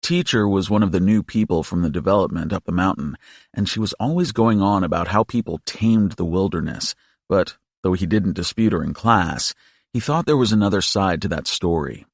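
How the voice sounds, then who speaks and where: A man narrating an audiobook in a steady, measured storytelling voice. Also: low-pitched, no room sound, clean studio sound. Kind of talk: scripted narration.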